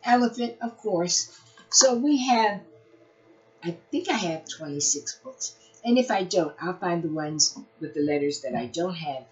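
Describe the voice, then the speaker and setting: A woman reads a picture book aloud to small children, her pitch leaping and dipping in a sing-song storybook manner. She takes her time over each word and breaks off for playful little asides. The recording is dull and lo-fi. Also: expressive, measured pace, faint music behind. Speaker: early-reading teacher.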